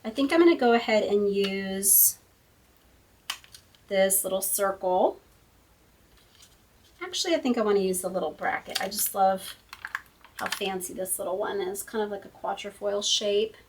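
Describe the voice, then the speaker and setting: A woman's voice: mid-range voice, moderate pace, pauses often, recorded from a distance, a little hiss or hum. A woman hosting a casual card-making tutorial at her craft table, chatty and thinking aloud as she works. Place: home craft room.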